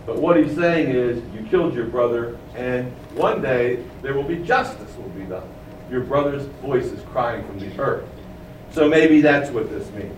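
A man's voice: fairly high pitch, a little hiss or hum. Man preaching in an echoey hall. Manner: explains, asks the room questions. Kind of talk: sermon. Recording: echoey room, mic at a distance.

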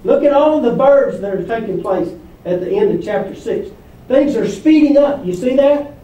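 A man preaches as pastor in a church hall at a moderate pace, his high voice full of lively intonation as he reads scripture and questions the congregation. The recording is muffled and echoey, with the voice coming from far off.

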